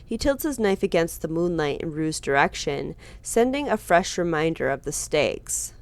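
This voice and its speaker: A woman streamer reading a visual novel aloud with dramatic, expressive narration, breaking in with her own reactions. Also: deep voice, normal speed. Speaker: game streamer.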